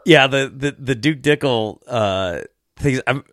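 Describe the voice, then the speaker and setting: A man's voice: medium pitch, slow, a bit bright, no room sound, clean studio sound. A young man hosting a casual podcast chat, telling stories with lots of swearing and laughter. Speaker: podcast host.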